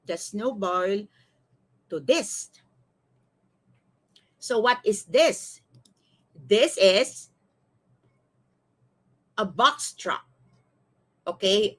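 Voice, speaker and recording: A woman's voice: mid-range voice, a bit bright. A middle-aged woman, a life coach telling a story on a livestream, quizzing viewers and reading their comments aloud. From Philippines. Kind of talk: live-streamed motivational talk.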